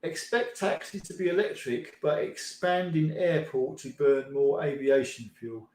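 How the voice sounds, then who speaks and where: A man's voice: a little high, unhurried, a little mellow. Chatty man in an echoey room. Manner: rambling, laughs often, mild swearing. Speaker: live stream host. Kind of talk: casual chat reading viewer comments.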